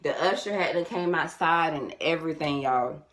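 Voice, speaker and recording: A young woman, casually telling a personal story to her viewers, animated and repeating herself, calling them y'all. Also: low voice, moderate pace. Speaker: vlogger.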